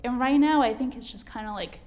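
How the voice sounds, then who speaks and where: A woman's voice: a little high, fairly quick, darkish tone. A woman teaching a piano masterclass, coaching a student and singing rhythms aloud as she counts.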